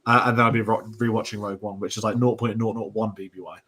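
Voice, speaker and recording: A man's voice: on the low side, level tone, fast talker, a bit bright, slightly rough. A young British man hosting a casual show discussion, rambling with restarts and asides. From Britain. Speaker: podcast host.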